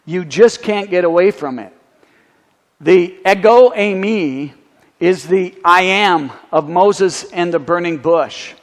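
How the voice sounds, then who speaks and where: A male pastor preaches in a teaching sermon, walking through Greek words with a slightly raised pitch. He keeps dropping dry, wry asides as he explains. His voice rings out with the long reverb of a church sanctuary. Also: slow.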